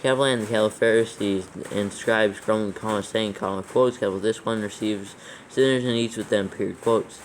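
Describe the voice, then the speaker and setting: A man's voice: lowish voice, fairly even intonation, a little fast, slight background noise, rough recording. A man dictating scripture aloud for proofreading, steadily reading the text and naming every comma, capital and quote mark.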